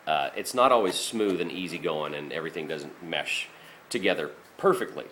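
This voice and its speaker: A man's voice: low voice, lively intonation, normal speed, fairly bright tone, slight background noise. A middle-aged man who drives a garbage truck, talking casually and frankly about his job, with a lot of swearing, fillers and restarts. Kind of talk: casual rambling monologue.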